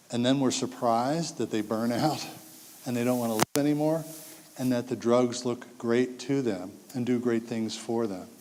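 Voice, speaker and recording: A man in his sixties speaking to an audience of parents, telling stories with acted-out quotes and jokes. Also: mid-range voice. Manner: animated storytelling, acts out quotes, jokes with the audience. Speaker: speaker giving a talk to parents. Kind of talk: public talk to an audience. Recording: long hall reverb.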